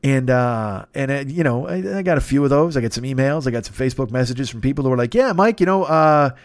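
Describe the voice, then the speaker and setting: A man's voice: mid-range voice, fast, a little mellow, no room sound, clean studio sound. A middle-aged man hosting a comedy podcast, rambling through a story with lots of swearing and silly noises. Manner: rambling, profane, with goofy sound effects and voices. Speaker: podcast host. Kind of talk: casual comic monologue.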